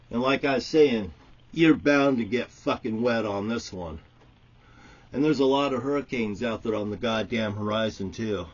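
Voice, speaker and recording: Speaking to the camera as a would-be prophet, a man unleashes an enraged, cursing monologue that shifts between shouting and low, murmured narration. The pace is measured and the sound is dull.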